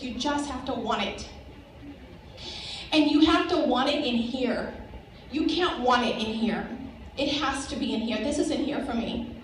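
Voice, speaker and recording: A woman's voice: sits high, moderate pace, slight background noise. A woman, giving an emphatic motivational speech to a crowd at a sales event. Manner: rallying, emphatic, addresses crowd directly. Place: large event hall. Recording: echoey hall recorded from far off.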